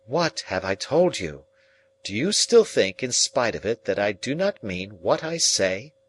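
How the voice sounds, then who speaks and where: A cold, proud young woman speaks with cool, measured contempt, voiced by a man reading the book aloud. The delivery stays level and aloof, like a storybook figure holding a suitor at arm's length. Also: lowish voice, animated, a bit bright, slight background noise, poor audio.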